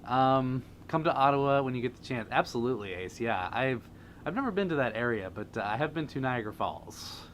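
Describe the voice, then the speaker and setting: A man's voice: medium pitch, expressive, brisk, slight background noise. A man hosting a casual livestream, reading viewer comments aloud and laughing often. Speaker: livestream host.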